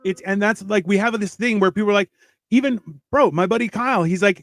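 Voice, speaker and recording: A man's voice: high-pitched, brisk, no echo, studio quality. A man hosting a casual podcast chat, talking bluntly with lots of swearing and emphatic repeats. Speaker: host.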